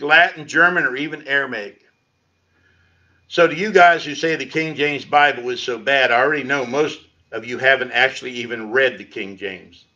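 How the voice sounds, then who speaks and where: A male pastor delivers a sermon in a conversational, needling way, dropping sarcastic asides between points. His voice is bright and forceful. The sound comes through a dull, lo-fi church livestream. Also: on the high side. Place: church sanctuary. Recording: lo-fi livestream audio.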